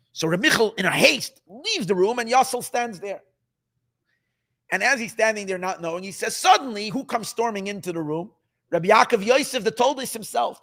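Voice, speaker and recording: Here a high-pitched rabbi delivers sermon storytelling at a fairly quick clip, spinning a dramatic tale for his audience. Animated, he repeats lines to build the scene, restarts sentences, and scatters Yiddish words throughout.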